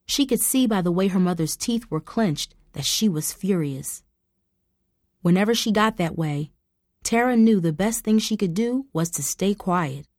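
A woman narrating a story in a steady, even reading voice of middling pitch. The sound is close and dry, with no room around it. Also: unhurried, no room sound.

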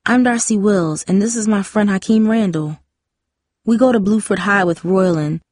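A woman reads in the role of a caring teenage girl, in a gentle mood. Her medium-pitched voice is a little mellow and close to an everyday voice, at a moderate pace, recorded with clean studio sound and no echo.

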